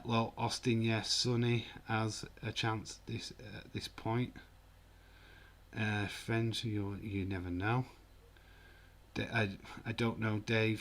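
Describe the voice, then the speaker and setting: A man's voice: lowish voice, fairly bright tone. A man hosting a football watch-along stream, chatting casually and jokingly while he reads comments from the chat. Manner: chatty, jokey, mock-offended.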